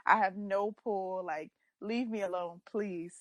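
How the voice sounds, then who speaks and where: A young woman co-hosting a podcast in casual chat, telling stories with lively quoted voices. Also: medium pitch, takes it slowly, dull audio, a crowd in the background. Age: young adult. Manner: animated storyteller, acts out her own quotes. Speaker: podcast co-host.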